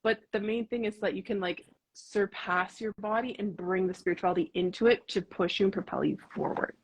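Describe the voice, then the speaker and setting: Woman instructor, husky voice, earnest casual talker, heavy on fillers. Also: mid-range voice, fairly even intonation, fairly quick, rough recording. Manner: earnest, uses many fillers like "like" and "you know". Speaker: martial arts instructor. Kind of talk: casual conversation.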